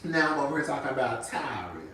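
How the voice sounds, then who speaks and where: This man's medium-pitched voice is expressive, fast, pushed, and bright. A flamboyant, sassy vlogger, he chats casually to viewers, constantly saying "girl" and "honey" and bursting into song and laughter. He's far from the mic in an echoey room, with a little hiss or hum.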